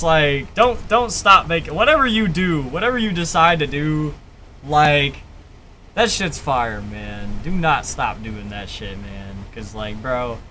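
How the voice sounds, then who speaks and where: Bright high-voiced hyped male streamer. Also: a little hiss or hum. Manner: hyped, profane, repeats "bro" and "man". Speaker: streamer reviewing listener music. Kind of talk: casual live-stream reaction.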